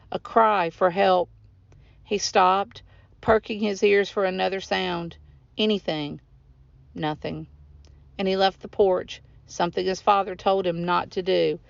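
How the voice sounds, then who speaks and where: A woman author reading her own novel aloud in steady, measured narration. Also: medium pitch, creaky, dry recording. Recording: dull lo-fi recording.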